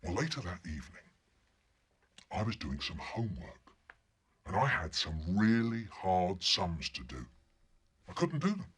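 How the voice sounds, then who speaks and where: A man telling a childhood story to listeners, animated and acting out each scene. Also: low-pitched, a little slow, pauses often, breathy edge. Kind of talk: storytelling performance.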